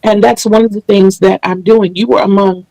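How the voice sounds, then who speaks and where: A woman's voice: mid-range voice, fairly even intonation, normal speed, gravelly, dark tone, dry recording, poor audio. A woman hosting a casual video interview, speaking earnestly and explaining things at length with small restarts. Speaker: channel host interviewing a guest.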